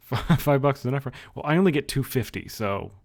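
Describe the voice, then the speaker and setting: A man's voice: mid-range voice, expressive, normal speed, vocal fry. A young man streamer in casual livestream chat, joking and laughing often.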